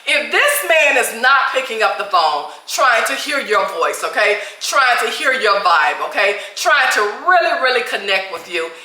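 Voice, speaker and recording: A woman's voice: a little high, very animated, normal speed, few pauses, sharp tone, echoey room, poor audio. Emphatic woman giving dating advice. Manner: emphatic, repeats "all right?" and "okay?" constantly. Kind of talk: direct-to-camera advice talk.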